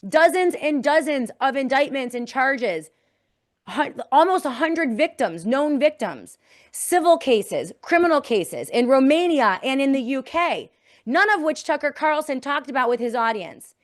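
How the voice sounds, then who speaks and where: A woman's voice: high voice, expressive, a little slow. A woman hosting a political commentary podcast, talking emphatically and reading quotes aloud with indignation. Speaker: podcast host.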